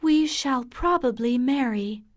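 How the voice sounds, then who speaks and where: A quiet, obedient young woman, as a female narrator reads her. Her voice lifts higher than the narration, gentle and pleading, and she speaks very slowly. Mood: earnest.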